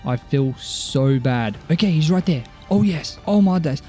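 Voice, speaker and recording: A young man giving excited commentary on his survival game, gasping, pleading and chatting to his viewers as he plays. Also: on the high side, measured pace. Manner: animated, talks to the viewers, gasps and pleads with mobs. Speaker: gaming YouTuber. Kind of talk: excited Minecraft let's-play commentary. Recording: gaming commentary over faint background music.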